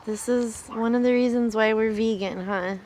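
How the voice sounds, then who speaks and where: A woman's voice: a little high, steady tone, normal speed, darkish tone, a little hiss or hum. A woman, a mother and vlogger, talking tenderly and with distress to her child outdoors on a cold farm. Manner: tender, upset, pleading. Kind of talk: emotional outdoor vlog talk to her child.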